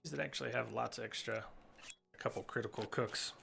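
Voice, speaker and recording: A man's voice: mid-range voice, fairly quick, vocal fry, a bit bright, soft background music. A man giving chatty live commentary while streaming a game, talking to his viewers and coaxing his in-game horse. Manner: chatty, talks to chat and coaxes his horse.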